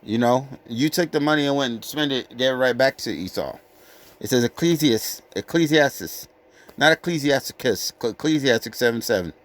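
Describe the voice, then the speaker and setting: A man's voice: medium pitch, animated. Blunt, cursing man preaching scripture. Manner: slow emphatic scripture reading, blunt profane asides. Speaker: scripture teacher. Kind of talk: informal street sermon.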